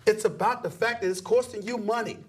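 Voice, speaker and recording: Impassioned husky-voiced man. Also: high-pitched, steady tone, a little fast. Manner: impassioned, preachy, emphatic. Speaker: sports commentator guest. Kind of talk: emphatic conversational rant.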